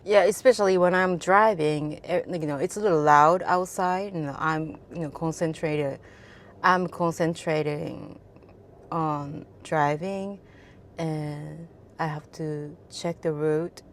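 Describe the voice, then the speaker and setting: Slow, low-voiced Japanese woman. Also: slight background noise. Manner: relaxed storytelling, many fillers. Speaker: taxi driver. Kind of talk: casual interview chat.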